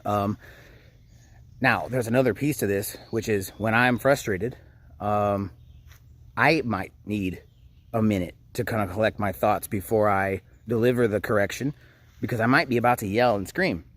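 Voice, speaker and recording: A parenting coach in his thirties gives casual advice to camera in a lowish voice at normal speed, recorded dry. He's frank and conversational but hesitates often.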